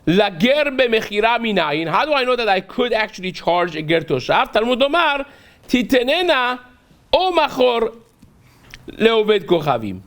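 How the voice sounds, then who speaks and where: A man's voice: very high voice, sing-song, a little slow, a bit bright. A man, a rabbi teaching a daily Talmud class, who reads a phrase aloud, then explains it step by step and keeps checking in with a rhetorical "right?".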